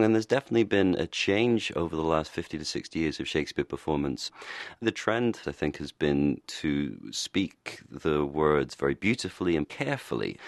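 A man's voice: very deep voice, gravelly, no echo. A man, an actor and director, talking as a guest in a radio interview, explaining eagerly and laughing easily. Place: broadcast studio. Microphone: studio microphone.

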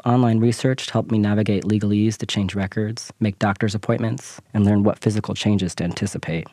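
A man with a very deep voice narrates a scripted personal essay, measured and reflective. The sound is close and dry, with no room around it. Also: steady tone, warm tone, dry recording.

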